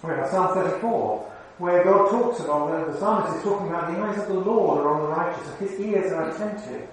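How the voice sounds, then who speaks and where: A man's voice: high voice, brisk, slight background noise. A man preaching a sermon in a conversational way, often putting questions to the congregation. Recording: very echoey hall, mic far off.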